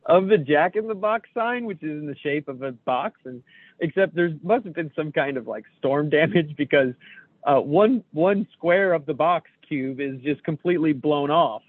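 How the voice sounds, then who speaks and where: A man's voice: on the high side, animated, normal speed, no echo. A man co-hosting a casual chat, reading memes aloud with jokes and swearing. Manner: jokey, self-deprecating, swears freely. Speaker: podcast co-host. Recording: tinny phone-like sound.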